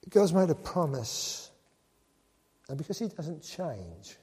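A man preaching a sermon, animated and joking with the congregation. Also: a little high, slow pace, slightly rough. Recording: long reverb of a large hall.

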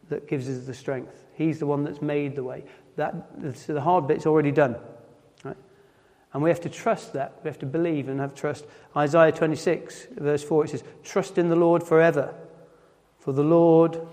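A man's voice: fairly high pitch, a little mellow. A man giving an earnest sermon, repeating key phrases and often checking in with "right?". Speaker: lay preacher. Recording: long reverb of a church hall.

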